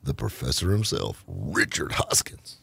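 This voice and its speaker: A man hosting a radio show, chatting casually and telling stories with a joking, animated delivery in a studio. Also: very deep voice, unhurried, gravelly, husky. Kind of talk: casual on-air banter.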